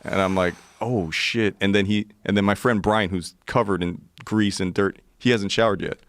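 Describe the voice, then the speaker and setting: A man's voice: sits low, fairly even intonation, moderate pace, no echo, clean studio sound. A man in his forties telling a profane, vivid story as a podcast guest. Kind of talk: casual storytelling.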